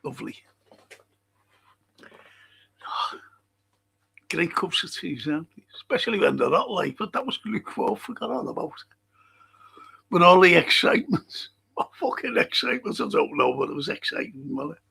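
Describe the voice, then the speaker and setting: Older male stream host with a Liverpool accent, gravelly and husky, unhurried, swears and laughs. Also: sits high, sing-song, pushed and bright. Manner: chatty storyteller, swears freely, laughs at own stories. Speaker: livestream host reading chat. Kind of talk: casual chat.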